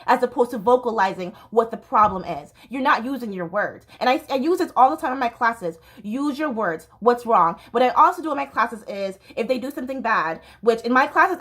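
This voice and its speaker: Woman podcast host with a high voice, speaking solo in a heated, rambling casual monologue. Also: a bit bright, husky. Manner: impassioned, rambling, self-interrupting. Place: home near a train line.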